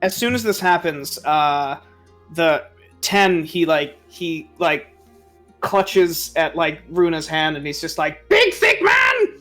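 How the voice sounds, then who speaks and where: A man narrating as game master of a tabletop game in an easygoing, unhurried way. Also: on the high side, fairly bright tone, soft background music.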